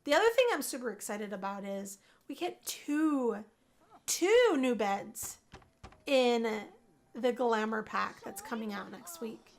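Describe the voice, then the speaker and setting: A chatty young woman from a Puerto Rican family hosts a gaming video, narrating her life-simulation game as relaxed Let's Play commentary. Her slightly high voice moves slowly, upbeat and rambling, and she often repeats a phrase for emphasis.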